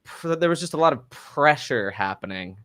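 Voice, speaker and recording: A man's voice: fairly high pitch, expressive, normal speed, fairly bright tone, dry recording, clean studio sound. A man co-hosting a casual podcast chat, rambling and laughing, often tripping over his words. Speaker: podcast co-host.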